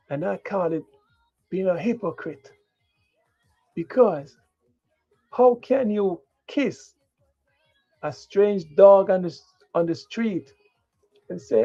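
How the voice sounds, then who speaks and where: A man ranting bluntly in a livestream monologue, with unfiltered cursing and a preachy, moralizing tone. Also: sits high. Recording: dull lo-fi stream with faint music.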